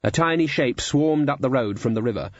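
A man reading a comic fantasy novel aloud in scripted narration, dry and even. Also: medium pitch, brisk, no room sound, dull audio. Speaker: audiobook narrator.

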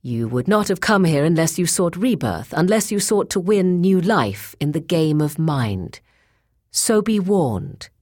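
A woman's voice: a bass voice, animated, a little slow, darkish tone, no room sound, clean studio sound, full character voice. A woman reading the lines of a proud, two-centuries-old woman sage who gives stern, commanding warnings.

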